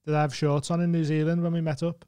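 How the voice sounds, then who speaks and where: A man co-hosting a podcast, trading quick banter and short interjections in casual comedic chat. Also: on the high side, flat delivery, dark tone, clear, resonant tone. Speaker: podcast co-host.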